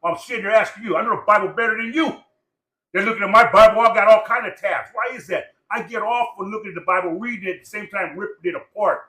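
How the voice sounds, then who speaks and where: A man's voice: high voice, fast talker, sharp tone, reverberant. A man of Samoan heritage born in Los Angeles, ranting in profane, repetitive, preachy casual talk. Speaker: podcast guest.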